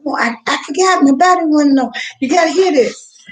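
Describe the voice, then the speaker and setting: A woman's voice: high voice, fairly quick, low-quality recording. Lady vlogger just rambling to her viewers, laughing a lot, all over the place. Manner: rambling, laughs often, talks to viewers directly. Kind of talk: rambling casual livestream chat.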